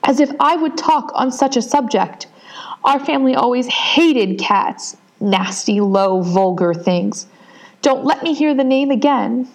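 A woman's voice: on the high side, lively intonation, a little slow, darkish tone. A woman doing an indignant trembling mouse. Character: offended trembling male mouse.

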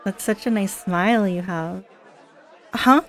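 A woman's voice: medium pitch, unhurried, a bit bright, a faint crowd. A woman playing a chatty, giggly party girl. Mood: teasing. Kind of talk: scripted audio role-play.

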